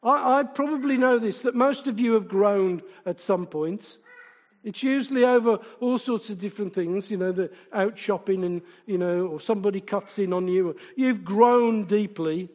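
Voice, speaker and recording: A middle-aged preacher with a very high voice that rings out in a long echo through a large hall. His sermon is chatty and informal. He keeps turning to the congregation with questions and drops in funny stories about himself. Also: normal speed, a little mellow. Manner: informal and chatty, asks the congregation repeated questions, tells humorous anecdotes. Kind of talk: conversational sermon.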